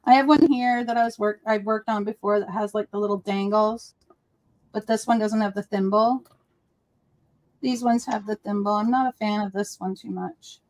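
A woman hosting a casual crafting livestream, chatting in a rambling, chatty way with quick asides. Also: mid-range voice, fairly even intonation, a little mellow. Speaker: livestream host. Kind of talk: casual chat while crafting.

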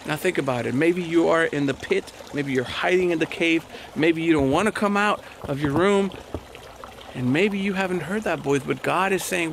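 A man's voice: a little high, normal speed, gravelly, slight background noise. A man preaching a sermon as pastor, in a conversational style full of repetitions and rhetorical questions.

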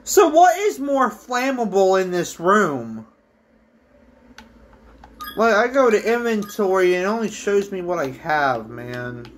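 A woman giving let's-play commentary, excitable, swinging from low mutters to shrieks and screams. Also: slow pace, a little hiss or hum. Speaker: gamer.

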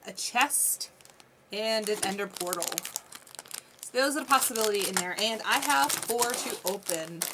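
A woman vlogging a toy unboxing in a casual, gushing, excitable chat at her desk. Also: medium pitch, noisy background. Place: desk at home.

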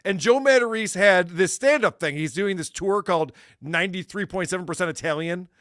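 A man's voice: high voice, a little fast, fairly bright tone, no echo, clean studio sound. A man talking as a podcast guest in casual chat, ranting with sarcasm and swearing.

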